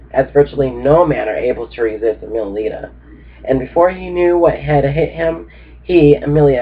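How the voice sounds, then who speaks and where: Sleepy man reading a book aloud, tinny. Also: mid-range voice. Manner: laid-back, reads with informal asides. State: sleepy, just woke up. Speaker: book reader. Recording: tinny phone-like recording.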